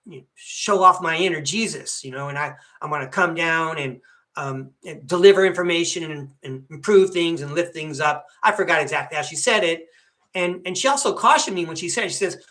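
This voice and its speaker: An older man with a fairly high, bright voice hosts a live tarot stream. He wanders from thought to thought in an easygoing monologue. He keeps turning to the audience with a quick "okay?". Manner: meandering, checks in with listeners with "okay?". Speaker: tarot podcast host.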